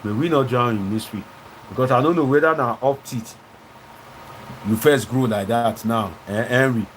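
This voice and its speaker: A Nigerian man with a Nigerian English accent hosts a live-stream, reading viewer comments in a lively way and slipping into Pidgin phrases. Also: medium pitch, moderate pace, a little hiss or hum. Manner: animated, switching into Pidgin phrases. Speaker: host.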